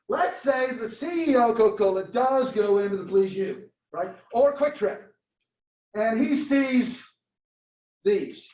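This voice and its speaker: A man lecturing a marketing class, telling a story and acting out its dialogue in a lively way. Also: high-pitched. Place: lecture room. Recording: roomy, distant, dull classroom recording.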